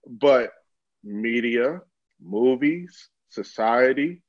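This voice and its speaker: A man's voice: medium pitch, expressive, very slow, no echo. A man co-hosting a casual talk show, speaking earnestly and with emphasis. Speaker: co-host. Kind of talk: casual chat. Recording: dull lo-fi sound.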